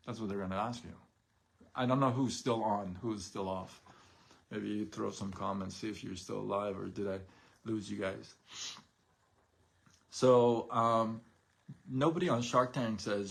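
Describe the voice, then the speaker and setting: A man's voice: mid-range voice, unhurried, gravelly, pauses often. A man hosting a live stream on side gigs, talking casually and motivationally, firing off rhetorical questions and acting out imagined quotes.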